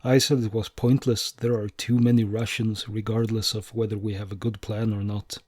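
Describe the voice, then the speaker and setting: A man's voice: on the low side, little pitch movement, normal speed, darkish tone, dry recording, studio quality, lightly acted. A man voicing a gloomy, fatalistic male squad leader who swears and shrugs things off, in a read-aloud war memoir. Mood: glum. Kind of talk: audiobook dialogue.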